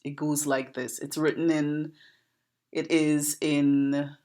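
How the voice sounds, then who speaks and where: Trinidadian woman educator, low unhurried voice, patient and questioning. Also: little pitch movement, warm tone. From Trinidad and Tobago. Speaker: poet and educator. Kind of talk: explaining a proverb to camera.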